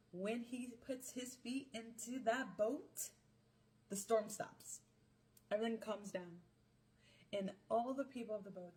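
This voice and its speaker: Young woman telling a bible story, slangy and jokey, lots of quick asides. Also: medium pitch. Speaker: podcast host. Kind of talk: casual Bible story retelling.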